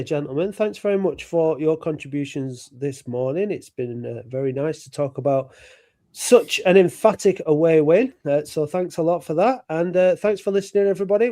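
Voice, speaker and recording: A man hosting a podcast, chatting casually and halting with many fillers. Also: on the high side, dark tone. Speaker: podcast host. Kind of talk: casual chat.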